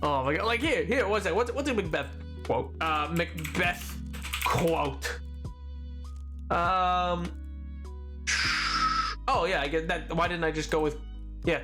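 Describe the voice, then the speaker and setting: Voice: mid-range voice, takes it slowly, long pauses, fairly bright tone. A game streamer chatting casually during a live stream, rambling with many repeated words and fillers in a playful way. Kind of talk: casual live-stream chat while playing. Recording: music playing behind.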